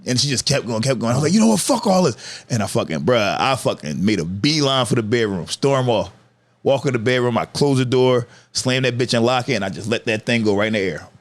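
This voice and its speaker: A man's voice: medium pitch, fairly quick. A man in his thirties telling stories in a casual, profane podcast chat, laughing as he goes. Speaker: podcast guest, comedian.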